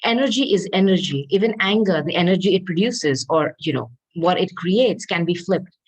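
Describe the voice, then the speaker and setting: Lowish-voiced woman giving a tarot reading. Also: animated, breathy edge, rough recording. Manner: earnest, coaxing, repeats "okay?" to the listener; reads card messages aloud slowly. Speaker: tarot reader.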